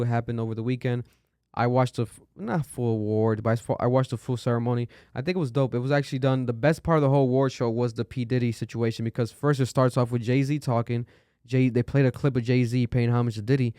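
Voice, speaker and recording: A man talks loosely on a podcast, heavy with fillers and the odd curse. His voice sounds smooth and clear, picked up dry and close on a studio mic. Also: mid-range voice, mellow, no echo. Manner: loose and chatty, curses often, many fillers. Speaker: podcast host. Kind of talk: casual podcast chat.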